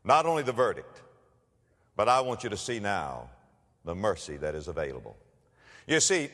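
A man preaching a sermon, telling stories and rising to loud emphatic declarations. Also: fairly low pitch, huge pitch swings, unhurried, long pauses, big-room sound. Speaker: pastor.

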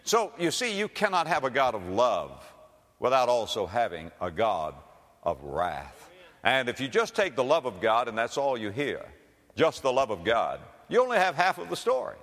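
A man preaching a sermon as a pastor, with emphatic, dramatic delivery that slows down on key words. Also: mid-range voice, huge pitch swings, fairly bright tone. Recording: long hall reverb.

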